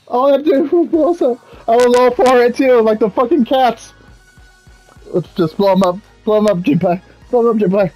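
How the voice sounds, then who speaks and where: A woman gamer talking with friends during an online match, loud and profane, yelling warnings and often breaking into laughter. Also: high voice, dry recording, rough recording. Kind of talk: casual game commentary.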